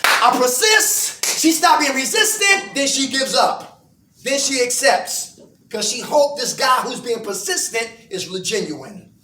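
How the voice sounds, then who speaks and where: A middle-aged recovery group speaker gives a preaching-style talk in an indoor meeting room, firing call-and-response questions at his audience. His very high voice has a sharp tone, and the echoey recording places him far off, with a little hiss or hum.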